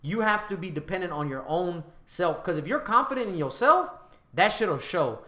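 A man's voice: sits high, animated, normal speed, sharp tone, echoey room. A man with a Southern US accent, hosting a podcast, talking casually in a bold, emphatic, profane way. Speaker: podcast host. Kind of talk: casual chat.

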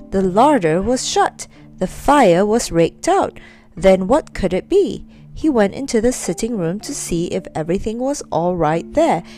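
A woman reading a children's story aloud, expressive and storytelling. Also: medium pitch.

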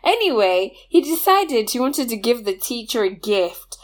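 A woman in casual chat, telling a school story in an expressive way and laughing often. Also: a little high, measured pace.

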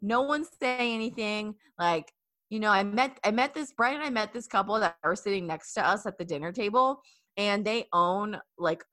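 A woman's voice: mid-range voice, normal speed. Chatty young woman telling stories. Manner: chatty, animated storytelling with many fillers. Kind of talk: casual storytelling chat.

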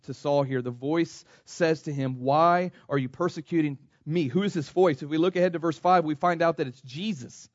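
American pastor preaching, high voice, keeps saying church, dry muffled sound. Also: male voice, fairly quick, few pauses, a little mellow, no room sound. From United States. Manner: repeats himself, addresses the congregation as "church". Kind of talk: sermon.

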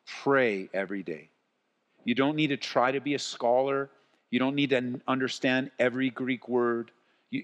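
A man preaching a live church sermon as pastor, moving between quiet earnest passages and rising, loud exhortation. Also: medium pitch. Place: church sanctuary. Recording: long reverb of a large hall.

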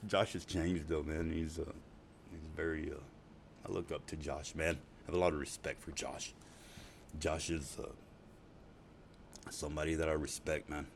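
A man's voice: a bass voice, little pitch movement, normal speed, vocal fry, long pauses, slight background noise. A middle-aged man telling casual, profane stories, rambling and laughing often. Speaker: storyteller. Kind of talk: casual spoken storytelling.

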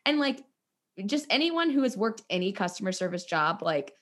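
A woman's voice: medium pitch, very animated, normal speed, a bit bright. Blunt, outspoken young woman chatting. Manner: blunt, outspoken, swears freely, tells stories with acted-out quotes. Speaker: podcast co-host. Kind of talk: casual chat.

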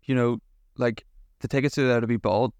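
A man's voice: mid-range voice, steady tone, a little fast, darkish tone, clear, resonant tone, no echo, clean studio sound. A young man, telling stories in a rambling way with lots of fillers and swearing as a podcast co-host. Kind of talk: casual chat.

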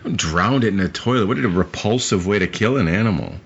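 A man's voice: on the low side, animated, brisk, gravelly. A man co-hosting a podcast, chatting casually and profanely about movies with rambling asides. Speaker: podcast co-host. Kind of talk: casual movie-review chat. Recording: muffled lo-fi recording with faint hiss.

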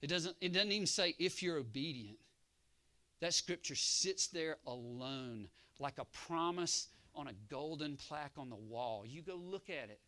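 A man preaching a sermon who moves from hushed storytelling to loud exhortation and keeps calling for an amen from his congregation. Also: fairly high pitch, expressive, a little slow. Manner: calls for congregation response.

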